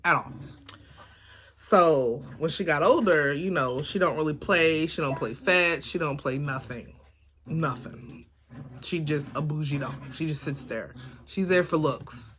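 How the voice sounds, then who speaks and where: Chatty Baltimore woman with a bright voice. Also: sits low, a little slow. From Baltimore, Maryland. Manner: rambling, chatty, lots of fillers. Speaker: vlogger. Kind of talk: casual chat to camera. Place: home, indoors. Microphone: phone camera.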